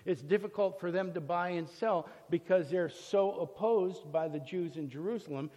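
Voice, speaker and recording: A man with a fairly high voice teaches from the Bible in a relaxed, storytelling way, often pausing on fillers and restarting his sentences. His voice rings with a long reverb, as if recorded in a large hall.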